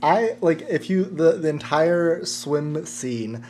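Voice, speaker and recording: A man's voice: on the high side, lively intonation, slow pace, darkish tone. Man musing casually, faint hum. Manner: thoughtful, hedging with lots of "like". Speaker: podcast co-host. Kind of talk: casual film discussion.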